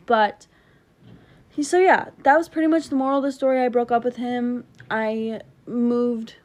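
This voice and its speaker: A young woman with a slightly raised pitch recounts a breakup in a casual storytime, rambling and emphatic. She often stops herself mid-thought and circles back to a detail she forgot. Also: steady tone, brisk. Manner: rambling, emphatic, self-interrupting. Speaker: TikTok storyteller.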